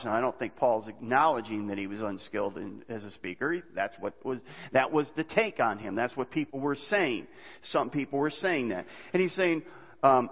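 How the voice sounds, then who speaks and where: A man's voice: medium pitch, animated, normal speed. A man preaching a conversational sermon as a pastor, with frequent fillers and restarts. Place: church. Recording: dull hall reverb.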